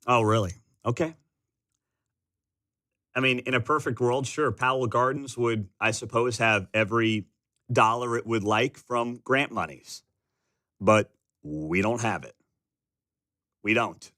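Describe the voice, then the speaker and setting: A man's voice: mid-range voice, measured pace, long pauses, no room sound. A man hosting a Midwestern talk radio show, ranting sarcastically and mimicking people he disagrees with. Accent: Midwestern American. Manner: sarcastic, animated, mocking voices. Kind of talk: opinionated talk radio monologue. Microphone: studio microphone.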